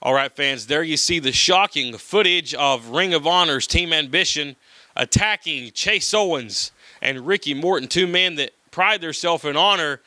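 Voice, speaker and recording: Bright-voiced wrestling show host. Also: male voice, moderate pace, no echo. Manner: hyped, announcer-style pitching. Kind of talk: television wrestling hype.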